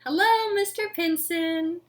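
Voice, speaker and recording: A woman voicing a cheerful, polite male lion who wonders aloud in a bright, sing-song way. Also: sits high, huge pitch swings, unhurried, pitched above the performer's own voice, full character voice. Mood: friendly wondering.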